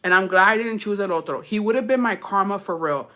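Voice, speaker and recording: Young woman, casual storytime reader, mid-pitch, slangy and profane, switches into Spanish, laughs between lines. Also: quick pace, sharp tone. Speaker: storytime YouTuber reading a story aloud. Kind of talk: casual storytime reading with commentary.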